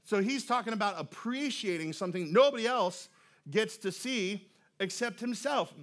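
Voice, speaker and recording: A man preaching a sermon, his voice sitting noticeably high for a man. He keeps it loose and conversational, cracking jokes and often restarting his sentences with repeated words. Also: expressive, moderate pace, fairly bright tone. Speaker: pastor. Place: church auditorium.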